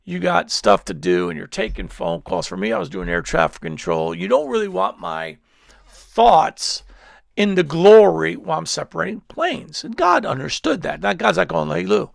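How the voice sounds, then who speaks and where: A man's voice: sits high, sing-song, normal speed, gravelly, dry recording, studio quality. A male pastor preaching a sermon at a church service, telling stories in a rambling way with many restarts.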